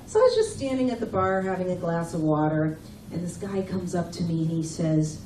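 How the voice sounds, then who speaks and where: A woman's voice: fairly low pitch, expressive, brisk, a little hiss or hum. A middle-aged woman doing a stand-up comedy set, with brash, teasing banter aimed at the audience. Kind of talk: stand-up set with crowd work. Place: comedy club stage. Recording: echoey room, mic from far off, loud crowd. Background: audience laughter.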